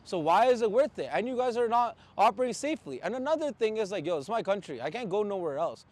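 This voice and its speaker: A man's voice: high-pitched, expressive, quick pace, darkish tone. A man from Canada, a truck driver, ranting in blunt, profane casual talk with angry outbursts. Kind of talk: heated casual rant.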